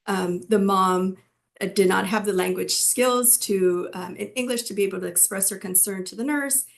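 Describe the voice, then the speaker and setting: Speaking at a moderate pace with medium pitch and vocal fry, this physician assistant and educator, a middle-aged woman from California, shares her personal story with students, talking conversationally and often restarting or using fillers.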